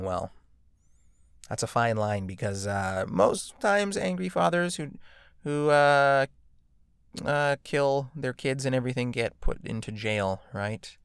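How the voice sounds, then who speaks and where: Rambling low-voiced male podcast host. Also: clean tone, dry recording, clean studio sound. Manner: rambling, joking, many fillers and tag questions. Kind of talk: casual podcast monologue.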